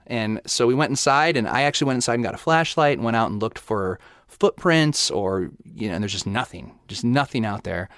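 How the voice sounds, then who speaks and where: A man's voice: mid-range voice, fairly quick, few pauses, a bit bright, no echo, studio quality. A young man casually recounting a personal story in a loose, rambling way, full of fillers.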